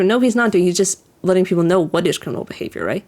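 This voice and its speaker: On the low side and slightly mellow, this woman's voice races along as she gives a casual reaction to an anime episode. She rambles, uses "like" constantly, starts over often, and chuckles while describing scenes.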